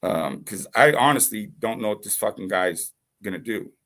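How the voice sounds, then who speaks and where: A YouTube channel host with a lowish, slightly bright voice speaks animatedly at a normal speed. He casually tells a long personal story, rambling and swearing freely, and keeps checking in with "you know what I mean?"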